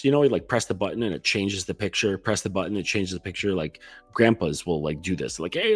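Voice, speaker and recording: A man's voice: sits low, husky, no room sound. A man coaching other men on dating in a blunt, profane, casual monologue, padded with lots of "like". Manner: blunt, profane, heavy use of "like".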